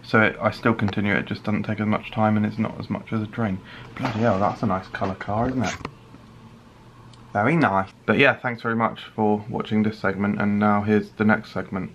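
A man's voice: on the low side, flat delivery, brisk, lo-fi sound, background noise. A young British man chatting casually to camera in a vlog, with sweary, sarcastic asides. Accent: British English. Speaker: vlogger.

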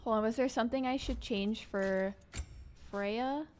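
Excitable woman streamer chatting to her viewers. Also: fairly high pitch, a little slow, slight background noise. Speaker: gaming streamer. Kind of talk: casual live gameplay commentary.

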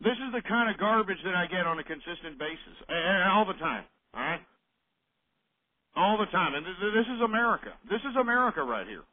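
A man's voice: high voice, sing-song, brisk, no echo. A man hosting a call-in radio show, ranting and hurling insults at callers. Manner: abrasive, insulting, belligerent. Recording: tinny phone-like radio audio.

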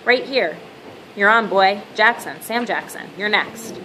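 A woman's voice: mid-range voice, unhurried, sharp tone, slight background noise, rough recording. A woman reading the lines of a cocky young male welterweight boxer with a swaggering, boastful manner.

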